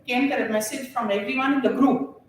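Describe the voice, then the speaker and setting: A woman's voice: fairly high pitch, brisk, a little hiss or hum. Older woman, echoey distant speech. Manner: warm, animated storytelling with frequent laughter. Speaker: retired geography teacher. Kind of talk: reunion speech. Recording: very echoey room, voice far from mic.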